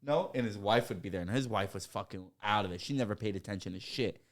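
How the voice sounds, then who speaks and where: A man hosting a casual chat, telling rowdy stories and acting out the people in them in loud, raised voices, with plenty of swearing and laughter. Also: fast talker. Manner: animated storyteller, acts out coworkers in loud high voices, swears a lot, laughs often. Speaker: podcast host.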